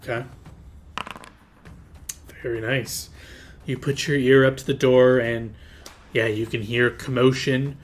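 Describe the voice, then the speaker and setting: A man running a tabletop game as game master, talking in a mid-pitched voice and rambling through long scene descriptions, thick with "like" and restarts, questioning the players about what they do. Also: little pitch movement, slow, long pauses. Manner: rambling, descriptive, full of filler words.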